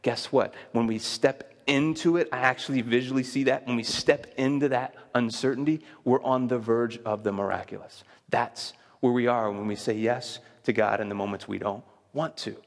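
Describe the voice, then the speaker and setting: A man preaching to his congregation, his mid-pitched voice carried by a long reverb in a large hall. He tells his stories with animated energy, acting out quotes and laughing often. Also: moderate pace, few pauses. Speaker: pastor. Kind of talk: sermon.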